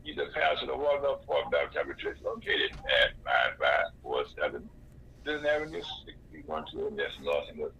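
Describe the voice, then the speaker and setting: Raspy st guy hosting call-in radio, bright gravelly voice, dull lo-fi sound with a little hiss. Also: very deep voice, wildly swooping pitch, normal speed. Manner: lists cities in a long greeting. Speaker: radio talk show host. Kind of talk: live call-in radio chat.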